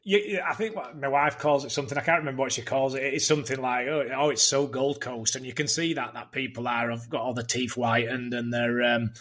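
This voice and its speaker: A man with a Yorkshire accent, a podcast guest chatting in a relaxed way and often restarting his sentences. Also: mid-range voice, fairly quick, hardly any pauses. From England. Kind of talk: casual chat. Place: Gold Coast, Queensland.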